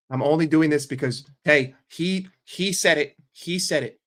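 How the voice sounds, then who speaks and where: A man's voice: a little high, moderate pace, hardly any pauses, a bit bright. Brash, profane New man. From New York. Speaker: football vlogger. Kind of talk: casual rant to camera.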